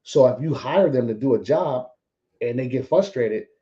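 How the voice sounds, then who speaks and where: Very dark-voiced man on muffled audio. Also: mid-range voice, animated, moderate pace. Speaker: guest, veteran business owner. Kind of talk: casual podcast chat.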